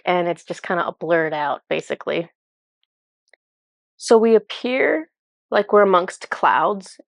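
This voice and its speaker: A woman's voice: lowish voice, no echo. Emotional woman recounting a spiritual vision. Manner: earnest, emotional storytelling with many fillers and restarts. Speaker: spiritual channeler.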